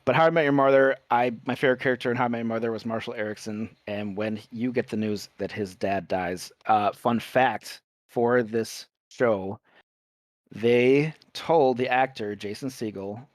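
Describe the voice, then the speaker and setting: A man's voice: medium pitch, normal speed, dry recording. A young adult man co-hosting a casual podcast chat, talking with rambling enthusiasm and casual swearing. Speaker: podcast co-host.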